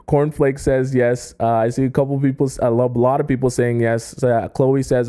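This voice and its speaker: A man's voice: mid-range voice, steady tone, moderate pace, mellow, clean tone. A man coaching on a live stream, talking straight to his chat and tagging his points with "right?" and "okay?". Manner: repeats "right?" and "okay?", addresses the chat directly. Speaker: dating coach.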